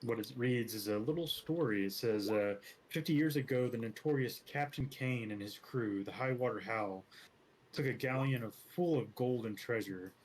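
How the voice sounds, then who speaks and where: A man's voice: mid-range voice, normal speed, a little hiss or hum, poor audio. A man running a tabletop game as game master, reading a story aloud with small stumbles. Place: home streaming setup.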